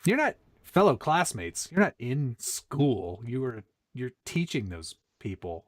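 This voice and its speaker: A man's voice: mid-range voice, big pitch swings, a little slow, no echo. A man co-hosting a live stream, chatting casually, teasing his co-host and reading viewer comments aloud. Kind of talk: casual chat.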